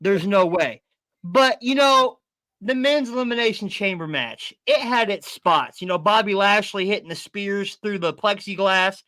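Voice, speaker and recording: A man co-hosting a live wrestling podcast, excitable and profane, often stumbling and repeating his words. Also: sits high, unhurried, no room sound. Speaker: podcast co-host. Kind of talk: casual wrestling chat.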